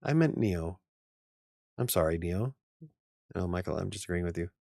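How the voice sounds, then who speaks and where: A man's voice: sits low, animated, normal speed, vocal fry, warm tone, no room sound, clean studio sound. A man hosting a casual livestream chat, rambling, joking at his own expense and laughing often. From United States. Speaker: livestream host.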